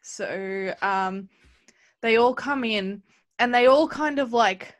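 A woman slowly brainstorming a play in casual chat, rambling with many fillers. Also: fairly high pitch. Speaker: playwriting group member.

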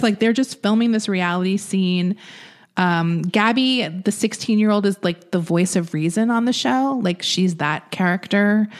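A woman co-hosting a podcast, chattily recapping a story, laughing often and saying "like" a lot. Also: medium pitch. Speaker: podcast co-host. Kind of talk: casual chat recapping a story.

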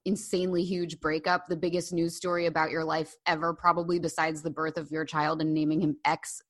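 A woman co-hosts a casual podcast, chatting in an animated, gossipy way. Her voice sits somewhat low, and she scatters "like" through her sentences. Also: a little fast. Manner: chatty, animated, frequent "like" fillers. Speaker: podcast co-host. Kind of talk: casual chat.

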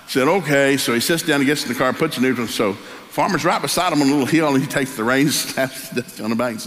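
A fast-talking pastor with a mid-range voice spins a folksy story from the pulpit of a church sanctuary. He brings it to life by acting out voices. The recording carries the long reverb of a live church hall.

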